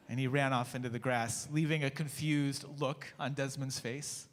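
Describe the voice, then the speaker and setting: A man leading worship, telling a story to a congregation in an expressive, animated way. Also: medium pitch, moderate pace, few pauses. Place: church sanctuary. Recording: echoey church hall, faint music.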